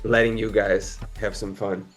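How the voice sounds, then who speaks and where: A man's voice: on the low side, flat delivery, measured pace, faint music behind. A man running an improvised tabletop game as game master, laughing and swearing casually.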